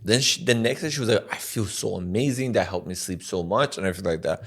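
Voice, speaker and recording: A man's voice: fairly low pitch, quick pace, a bit bright, breathy edge. A man co-hosting a podcast in casual chat, often laughing and swearing freely. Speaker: podcast co-host.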